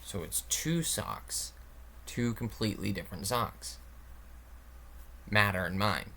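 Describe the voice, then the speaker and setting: A man's voice: on the low side, takes it slowly, gravelly, bright, forceful tone, slight background noise. A man reading out technical claims, then mocking them in a casual, sarcastic, swearing explanation. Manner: sarcastic, swears, reads text aloud then mocks it.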